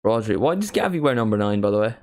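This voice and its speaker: A man's voice: lowish voice, sing-song, fast talker, a little mellow. Chatty man with a mild Northern Irish accent. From Northern Ireland. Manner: casual, chatty, swears freely. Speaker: watchalong host. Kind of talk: live football watchalong commentary.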